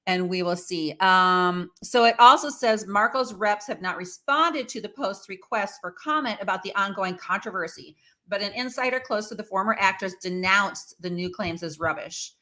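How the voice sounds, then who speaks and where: A woman hosts her own show, offering casual, opinionated takes on celebrity news full of fillers and side remarks. Her voice is medium in pitch and bright, with a forceful tone and a moderate pace. She comes across as chatty and opinionated.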